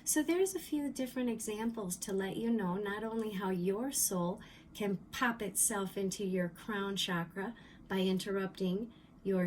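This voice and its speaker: Calm middle-aged woman teaching spirituality. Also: mid-range voice, slight background noise, poor audio. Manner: calm, repetitive explaining with ums.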